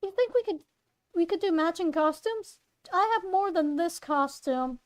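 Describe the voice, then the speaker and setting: A woman's voice: extremely high pitch, animated, normal speed. A woman voicing a casual teen girl who speaks in an offhand, hesitant way.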